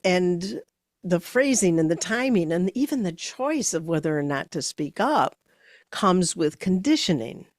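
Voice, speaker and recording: A woman with a very low voice co-hosts a podcast, talking slowly and thinking aloud. She halts and searches for her words, and the close recording has no room sound. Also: very animated, no echo. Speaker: podcast co-host. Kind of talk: casual podcast conversation.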